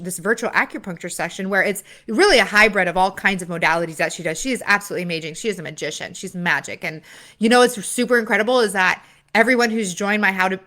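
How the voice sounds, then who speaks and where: A woman's voice: medium pitch, pushed and bright. Woman business coach, own voice, casual confessional vlog delivery, loose and rambling. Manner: candid, rambling, with filler and retold dialogue.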